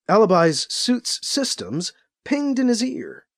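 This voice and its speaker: A man narrating a science fiction story, lively and expressive. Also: high-pitched, moderate pace. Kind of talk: scripted narration.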